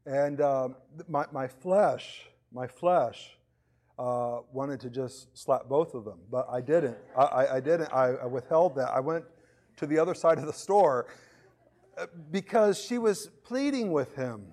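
A man's voice: mid-range voice, a little slow, darkish tone. A man preaching a sermon in a conversational way, often repeating words as he starts a phrase. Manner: acts out voices of others in his examples.

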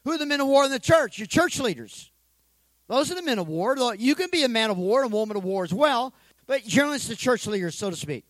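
A male pastor preaching an energetic sermon, calling for responses from the congregation and joking in between. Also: very high voice, quick pace, dry recording, low-quality recording. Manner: joking asides.

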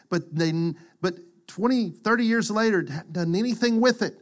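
A middle-aged man preaching a sermon, acting out quotes and swinging from loud to hushed. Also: sits high, animated, a little fast, few pauses. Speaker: pastor.

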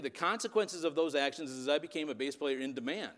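In a big hall with long reverb, a preacher and youth leader in his fifties from the Upper Midwest tells a sermon story, frequently checking in with his listeners. His voice is slightly high, expressive and fairly bright. He talks a bit quickly and barely pauses.

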